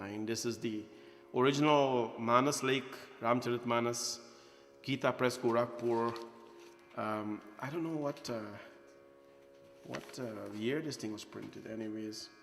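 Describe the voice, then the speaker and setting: A man in his forties who serves as a temple priest tells a childhood tale to a prayer gathering, joking, laughing, and imitating voices. His voice is mid-range and a bit bright, and the recording carries the hall's echo along with faint background music.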